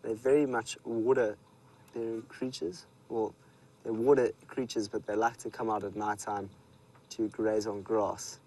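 Safari guide, male, South African accent, lowish voice, laid-back live commentary outdoors. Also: a little slow, poor audio. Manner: relaxed storytelling, speaks to viewers. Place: outdoors in the bush.

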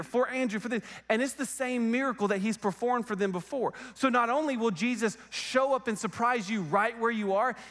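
A man with a high voice preaches in a church sanctuary. He tells the story casually, full of fillers and asides to the room. The tone stays conversational rather than formal. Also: fairly bright tone. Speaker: pastor. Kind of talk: sermon.

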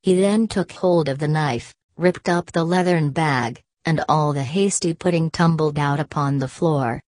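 A woman narrating a bedtime audiobook in a slow, soothing, even reading. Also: low voice, no room sound.

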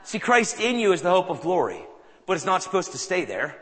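A man preaches to a live crowd, telling his stories with animated energy and acting out each exchange. His voice is bright and forceful and sits a little high. Long reverb from a large hall trails each phrase. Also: brisk. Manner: animated, acts out dialogue in anecdotes. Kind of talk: sermon storytelling.

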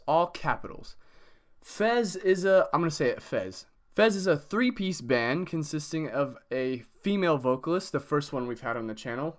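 A man hosting a casual music review, talking in a put-on English accent, excitable and full of swearing. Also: a little high. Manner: excitable and sweary, lots of fillers.

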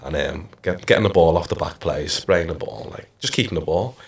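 Fairly quick and gravelly, his voice sits low. The speaker, a Liverpool-born former footballer in his thirties, tells relaxed stories for a casual podcast, regularly slipping in "like" and "you know."

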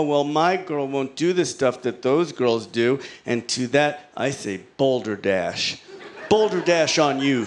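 A man performing a stand-up comedy set, with a slow, deadpan, soft-spoken delivery that jumps suddenly up in pitch. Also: background noise. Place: comedy club stage with audience. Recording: live audience laughter behind.

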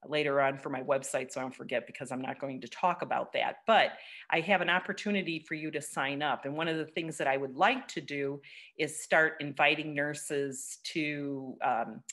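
A woman with a low voice leads a laughter workshop over a video call. She is encouraging and laughs often, and she breaks into loud chants. The call audio is noisy. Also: steady tone, moderate pace. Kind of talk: online workshop talk.

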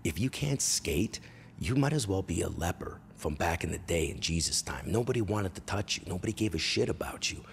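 A Canadian man in his forties, a comedian hosting his own show, telling a crude, animated life story and breaking into loud impressions and yells. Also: sits low, fairly quick, creaky, a little hiss or hum. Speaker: comedian host.

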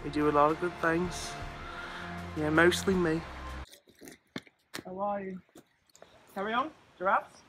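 A man's voice: high-pitched, a little slow, long pauses, sharp tone. A man voicing a pompous, boastful male elk king who rambles and bosses his staff around in a comic monologue. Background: faint background music.

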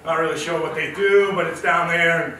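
A man's voice: fairly high pitch, a little fast, slight background noise. A middle-aged man giving a humorous, self-mocking storytelling talk at a professional event, recorded in a meeting hall. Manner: animated, self-mocking, acts out quotes. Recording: echoey room, mic from far off.

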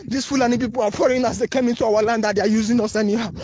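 A man's voice: very high voice, fairly even intonation, rapid-fire, a little mellow, slightly rough, no room sound. A man with a Nigerian English accent, making an urgent, repetitive, pleading appeal in a phone voice note. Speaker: anonymous voice-note caller. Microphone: phone voice recording.

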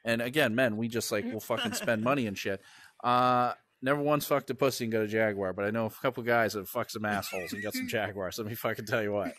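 Male comedian with a bright, forceful voice; crude, rambling, constantly swearing. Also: fairly low pitch, fast, a little hiss or hum. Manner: profane, rambling, laughs at his own jokes. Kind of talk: crude casual stand-up rant. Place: at home, indoors.

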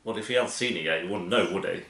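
A man hosting a TV reaction video, making sarcastic, quick asides while he watches. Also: low voice, fairly bright tone. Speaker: TV reaction host. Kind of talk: casual reaction commentary. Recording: roomy echo.

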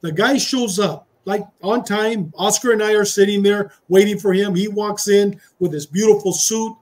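A man's voice: sits high, normal speed. A middle-aged man, a retired police officer, telling a story in a casual interview and acting out the dialogue with Spanish phrases. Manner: animated storyteller who acts out dialogue, slipping into Spanish phrases.

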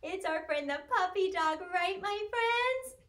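A woman leading a sing-along music class for small children, with an animated, sing-song manner and playful animal sounds. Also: very high voice, a little slow, roomy sound.

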